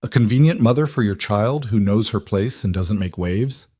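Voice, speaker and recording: A proud, wary pregnant young woman, bitter and defiant in every word, as a man reads her part. The voice sits fairly low and sounds dry and close. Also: expressive, normal speed, warm tone, dry recording.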